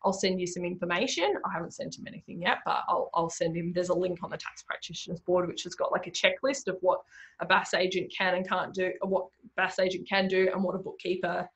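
A woman's voice: lowish voice, brisk. Chatty woman podcaster. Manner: chatty, animated, many fillers like "you know" and "like". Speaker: podcast host, bookkeeping business owner. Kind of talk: casual solo podcast talk.

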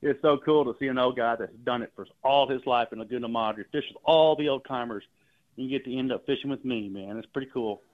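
Over a narrow phone connection, a Texas Gulf Coast fishing guide rings in to a radio program and tells casual, wandering tales, doubling back on his words. His voice is mid-range and he speaks quickly.

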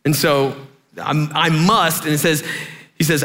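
A young adult man preaching a sermon as pastor, conversational and animated, using many fillers and acting out voices. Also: unhurried, long pauses. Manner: animated, conversational, acts out voices with big pitch jumps; filler-heavy, says "like" often.

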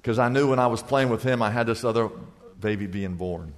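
A man's voice: fairly low pitch, a little fast, in a large hall. An older man preaching a sermon as pastor, emphatic, piling up rhetorical questions.

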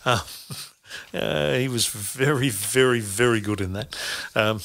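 Bright-voiced middle-aged man. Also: medium pitch, slow, gravelly. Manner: rambling with many fillers and restarts, laughs easily. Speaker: podcast host. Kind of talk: casual podcast chat.

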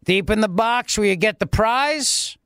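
A radio host mocking a smug, boastful middle-aged male governor, in a slow, self-satisfied voice. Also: high-pitched, expressive, a bit bright, clean tone, no room sound.

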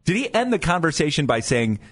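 A man's voice: fairly high pitch, a little fast. A man co-hosting a morning radio show in a studio, chatting casually and teasing his co-host. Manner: lively, joking, teasing. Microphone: studio microphone.

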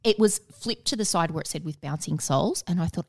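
A woman's voice: on the low side, quick pace, gravelly. A woman in her forties with an Australian accent, co-hosting a casual chat and telling stories expressively. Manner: expressive, storytelling.

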